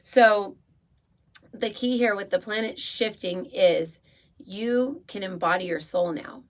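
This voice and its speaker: A woman's voice: medium pitch, slow. A woman radio host talking in a casual, rambling way about spirituality, with many fillers and asides.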